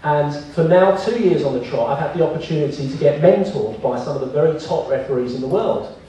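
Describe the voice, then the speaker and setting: A man's voice: fairly high pitch, animated, brisk, warm tone, far from the mic. A man in his thirties giving a seminar talk as guest speaker, a self-mocking joker who tells funny stories to an audience. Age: 30s. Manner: joking, self-mocking storyteller. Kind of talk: comic business seminar talk. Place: large hall with an audience. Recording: echoey hall, picked up from afar, with noise.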